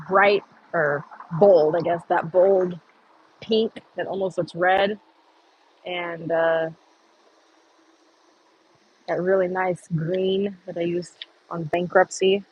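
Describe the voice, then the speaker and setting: A woman's voice: on the low side, dull audio, slight background noise. A woman chatting casually on an outdoor livestream, rambling and answering viewer comments. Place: outdoors on a humid morning.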